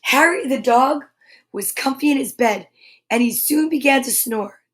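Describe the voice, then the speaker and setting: A woman, a comedian, reading a picture book aloud in an expressive, dramatic way, with hushed passages. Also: high-pitched, a little slow. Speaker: comedian and storyteller.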